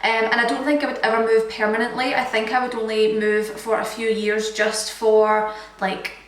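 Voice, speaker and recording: A woman's voice: fairly high pitch, flat delivery, moderate pace, distant mic. Scottish girl in her 20s doing a chatty vlog q&a, lots of likes and ums, really echoey room. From Scotland. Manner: chatty, lots of filler words. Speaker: fitness vlogger. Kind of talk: casual Q&A chat.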